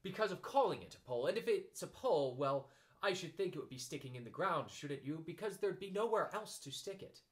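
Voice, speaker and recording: A man's voice: fairly high pitch, expressive, a little fast, natural voice. A man voicing a fussy, self-important male rabbit in a storybook reading. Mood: pompous.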